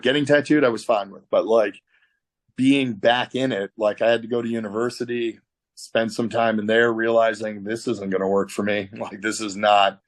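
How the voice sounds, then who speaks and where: A man's voice: on the low side, no room sound. A middle-aged man with a Canadian accent spins a vivid story over a video call, swearing freely and acting out every quote. His voice sounds dry and close, with no room around it. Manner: animated storyteller, swears a lot, acts out quotes. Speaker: tattoo artist guest.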